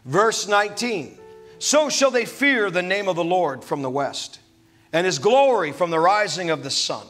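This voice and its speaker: A man preaching a sermon as a pastor, animated and full of humorous asides. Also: high voice, moderate pace, soft background music.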